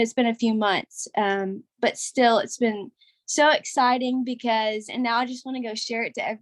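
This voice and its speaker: A woman's voice: a little high, dry recording. A young woman telling an emotional, rambling testimonial on a group call, close to tears. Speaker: caller sharing a testimonial.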